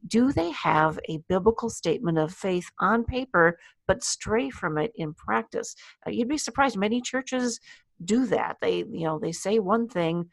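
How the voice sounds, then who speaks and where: A woman co-hosting a conversational podcast, who talks casually, laughs easily and reads scripture aloud slowly. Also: medium pitch, lively intonation, no echo. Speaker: podcast co-host. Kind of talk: casual discussion and scripture reading.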